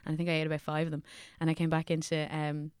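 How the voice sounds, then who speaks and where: A woman's voice: sits low, monotone, racing, darkish tone, smooth, dry recording. A young woman, an actor, chatting candidly on a podcast, swearing freely and laughing as she talks. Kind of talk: casual chat.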